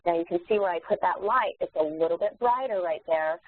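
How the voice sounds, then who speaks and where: A woman instructor demonstrating software in a live webinar, explaining steps in a relaxed way with many fillers and restarts. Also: lowish voice, brisk. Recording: tinny phone-like webinar audio.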